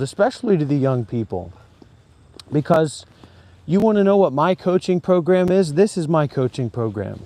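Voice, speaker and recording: Preachy, rambling man with a mellow voice. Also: fairly high pitch, very animated, moderate pace, no room sound. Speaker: former Buddhist monk vlogger. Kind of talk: rambling monologue to camera. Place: outdoors in a graveyard.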